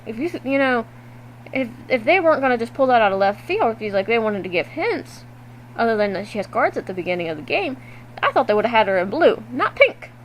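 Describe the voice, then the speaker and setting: A woman vlogging to her webcam at home, recapping a video game in a loose, animated way and swearing freely. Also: a little high, fast, slight background noise, poor audio. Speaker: gaming vlogger. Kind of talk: casual game recap to camera.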